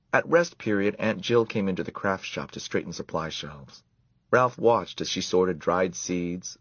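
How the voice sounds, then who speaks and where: A man reading a children's story aloud in an expressive, measured way. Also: low-pitched, slightly rough, no room sound, highs cut off.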